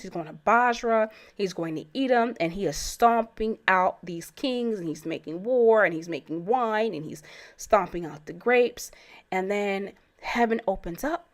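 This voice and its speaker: A woman talks through scripture in a relaxed, conversational teaching style. Her voice sits at a middle pitch, and she leans on fillers and rhetorical questions to carry the listener along. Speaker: Bible teacher. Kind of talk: casual Bible teaching.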